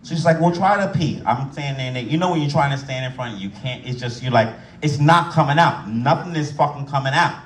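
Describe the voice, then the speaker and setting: A man doing profane stand-up storytelling, loud and animated, acting out voices as he tells an anecdote. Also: mid-range voice, a little fast, hardly any pauses, roomy sound, far from the mic, a little hiss or hum. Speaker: stand-up comedian.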